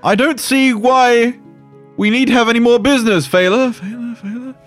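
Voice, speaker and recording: A man's voice: very high-pitched, fairly even intonation, normal speed, soft background music, pitched above the performer's own voice. A man playing a wary, pompous adventurer who echoes his own words back in a grand, dismissive way. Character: wary, pompous adventurer hiding at glowing doors.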